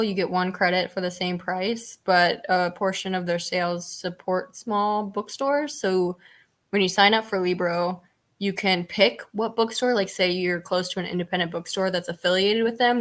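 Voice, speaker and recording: A young woman, co-hosting a book club and explaining things casually with lots of fillers. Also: lowish voice. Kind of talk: casual chat.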